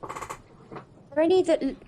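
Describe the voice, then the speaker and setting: A woman's voice: a little slow, mellow, slight background noise. A woman playing a tabletop role-playing game, talking in a hesitant, stumbling way. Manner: hesitant, stumbling player's talk. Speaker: player.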